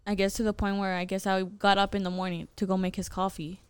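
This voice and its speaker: A woman's voice: mid-range voice, flat delivery, quick pace, smooth, dry recording. A young woman, a podcast guest, telling a personal story in a candid, casual way, swearing freely and filling her speech with "like".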